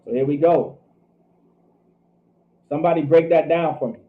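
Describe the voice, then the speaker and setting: A man's voice: fairly high pitch, moderate pace. A man teaching a Hebrew scripture class who thinks aloud, double-checks himself and keeps saying "all right". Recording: tinny phone-like line.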